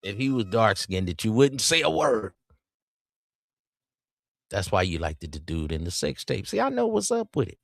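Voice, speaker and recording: A man's voice: on the low side, very animated, moderate pace, creaky, pauses often, no room sound, clean studio sound. A man hosting a podcast, teasing and roasting his co-host with bursts of mock outrage. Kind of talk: comedic casual chat.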